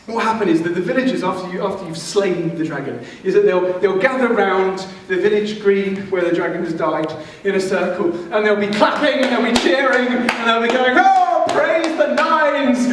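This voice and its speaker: A man performing a stand-up comedy set on stage, telling a story and acting out characters in quick bursts. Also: high voice. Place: comedy stage before a live audience. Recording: roomy live venue mic, some distance, faint noise.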